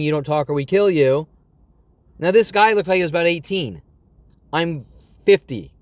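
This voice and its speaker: A man in his twenties rants on in a smooth, fairly high voice, agitated and repetitive. He stumbles through fillers and self-corrections. The recording is dry and close, with no room echo. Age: 20s. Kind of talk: rambling monologue vlog.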